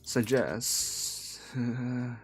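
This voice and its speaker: A man's voice: mid-range voice, fairly even intonation, drawn-out words, breathy edge, soft background music. A man from Hong Kong translating a novel live on stream, talking casually and rambling with many fillers and self-corrections.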